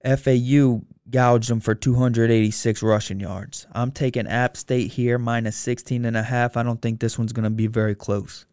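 A man co-hosting a casual sports betting chat, laid-back and stats-driven, pausing often with fillers. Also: medium pitch, steady tone, a little mellow, clear, resonant tone, no echo, studio quality.

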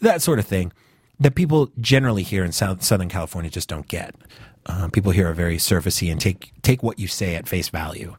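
A podcast host with a fairly low male voice and a Northeastern US upbringing chats in a loose, rambling way. His speech is full of "you know" and restarted phrases. The recording is close and dry, with no room sound. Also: lively intonation, fairly quick, slightly rough, no room sound. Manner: rambling, conversational, with frequent fillers and restarts. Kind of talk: casual podcast commentary.

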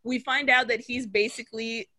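A woman co-hosts a casual podcast, walking through a film scene by scene. Her voice sits a little high, and she tells the story with animation, slipping into the characters' lines and swearing freely. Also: fairly even intonation, moderate pace, sharp tone. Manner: swears casually, laughs often. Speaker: podcast co-host. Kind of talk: casual movie recap chat.

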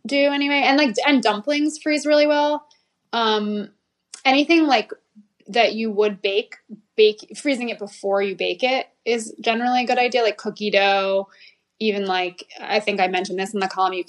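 Woman podcast guest, food critic, higher voice, casual and laughing, lots of self-corrections. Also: moderate pace. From United States. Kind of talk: casual chat.

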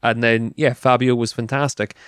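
A man talks through racing incidents in a measured, explanatory way. His voice sits at an ordinary pitch and comes across dry and close to the mic. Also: flat delivery, a bit bright, smooth, dry recording. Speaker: racing pundit. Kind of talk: studio discussion.

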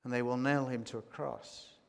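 A man preaching a sermon, slow and deliberate, rising to emphatic points. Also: medium pitch, fairly even intonation, creaky. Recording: long hall reverb.

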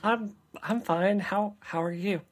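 A woman's voice: mid-range voice, unhurried. A woman co-hosting a podcast, teasing the others playfully in casual banter. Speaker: podcast co-host.

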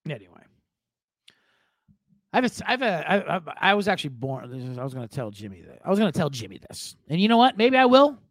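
High-voiced, profane, rambling male podcast host. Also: big pitch swings, fast, a bit bright, no echo. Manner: profane, rambling, self-deprecating storytelling. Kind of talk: casual sports podcast monologue.

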